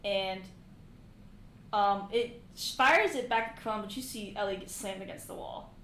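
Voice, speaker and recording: A woman running a live tabletop game as game master, narrating in a casual, animated way with lots of fillers. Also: medium pitch, normal speed. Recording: echoey room, faint background hiss.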